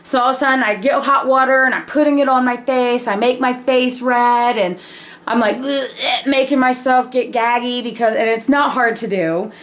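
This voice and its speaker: A woman telling a personal story in a casual, animated way, laughing and swearing freely. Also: a little high. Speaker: vlogger.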